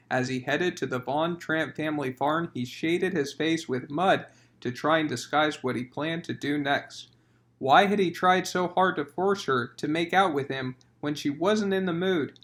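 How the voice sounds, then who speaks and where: A man's voice: a little high, a bit bright. A man narrating a comic romance audiobook with a dramatic reading.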